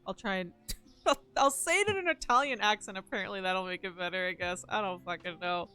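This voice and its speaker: A woman's voice: medium pitch, brisk, pushed and bright, clear, resonant tone, faint music behind. A sick woman streamer with a nasal, congested voice, chatting casually and rambling with viewers while playing a game, swearing now and then.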